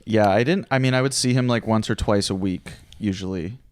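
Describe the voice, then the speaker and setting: A male comedian in casual podcast chat, speaking in a subdued, halting way. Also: on the low side, clean tone, no echo.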